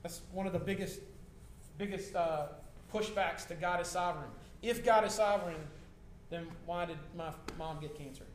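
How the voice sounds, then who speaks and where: A man's voice: fairly high pitch, steady tone, normal speed. A man preaching a sermon in a conversational way, repeating himself and asking the congregation questions. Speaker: pastor. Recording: echoey room with faint noise.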